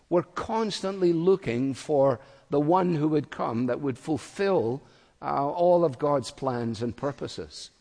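Man, pastor, expository sermon, measured explanatory delivery, mid-pitched voice, long hall reverb. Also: a little mellow. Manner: measured, explanatory preaching with occasional fillers.

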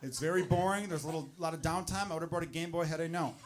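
A man doing a stand-up comedy set, telling a personal story with animated delivery and acted-out voices. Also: fairly high pitch, racing, very noisy. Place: comedy club stage.

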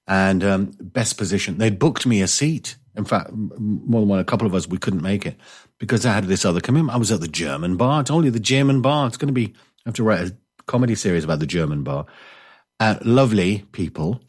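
A man's voice: lowish voice, lively intonation, fast, breathy edge. A man hosting a casual chat show, telling rambling stories with jokey, self-mocking asides and reading out listener messages. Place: indoors, living in coastal Spain.

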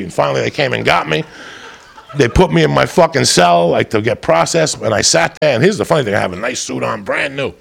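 A man doing stand-up, telling a loud, profane, rambunctious story. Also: mid-range voice, animated, a little fast, vocal fry. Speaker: stand-up comedian.

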